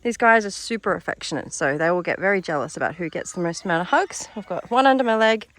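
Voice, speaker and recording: A woman tours a farm sanctuary for her vlog, phone in hand outdoors, talking to the camera and cooing baby talk to the animals as chickens, roosters and turkeys sound in the background. Her low-leaning voice is quick, lively and fairly bright.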